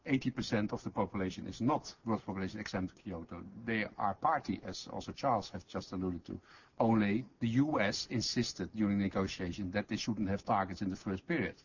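Low-voiced man arguing on a panel. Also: a little fast, husky. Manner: plain, earnest, argumentative, with non-native phrasing. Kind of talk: panel discussion response. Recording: dull lo-fi conference recording, faint noise.

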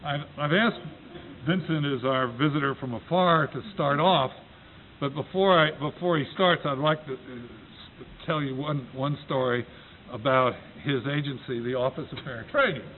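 A man from the United States moderating a panel, introducing the topic with frequent restarts and a wry story. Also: medium pitch. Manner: halting, self-correcting, wry storyteller. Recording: tinny phone-like recording with faint noise.

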